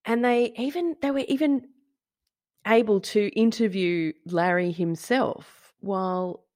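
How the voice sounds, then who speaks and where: A woman co-hosting a casual podcast, telling a story with gleeful, animated energy and the odd swear. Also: mid-range voice, measured pace, no room sound, studio quality. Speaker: podcast co-host. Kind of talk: casual chat.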